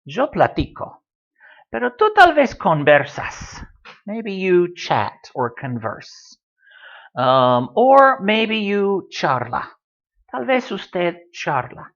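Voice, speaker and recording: Man, language teacher, chatty, dry jokes, animated intonation, muffled home recording. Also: high-pitched, slow pace. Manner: relaxed, chatty, with dry joking asides. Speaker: Spanish teacher. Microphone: computer microphone.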